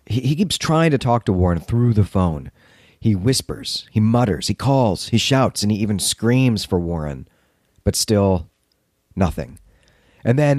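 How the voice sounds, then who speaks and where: A man co-hosting a podcast, retelling a story and discussing it in a lively, dramatic way. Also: mid-range voice, dry recording, studio quality. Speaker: podcast co-host.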